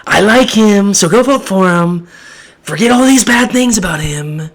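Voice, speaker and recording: A smug, bossy political boss barks orders at his followers, as a man mocks him. The voice sits well above a normal speaking pitch and is pushed loud in a sneering parody. It comes across strained and theatrical. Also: lively intonation, unhurried, exaggerated voice. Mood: mocking bossy.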